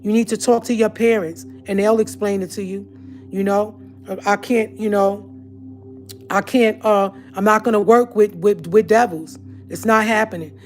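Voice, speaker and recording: A woman's voice: medium pitch, fairly even intonation, normal speed, faint music behind. A woman hosting her own channel, ranting in a heated, confrontational monologue to her viewers. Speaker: channel host. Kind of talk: ranting live-stream monologue.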